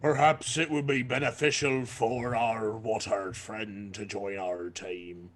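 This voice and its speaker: A man playing a tabletop game, speaking in a deadpan, formal way. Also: on the low side. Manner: deadpan, slow and formal in character. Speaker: player. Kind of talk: casual tabletop game chat.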